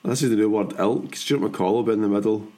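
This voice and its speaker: A Scottish man in his forties hosting a podcast, chatting in a rambling, animated way and laughing often. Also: lowish voice, fast, a little hiss or hum. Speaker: podcast host. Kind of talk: casual chat.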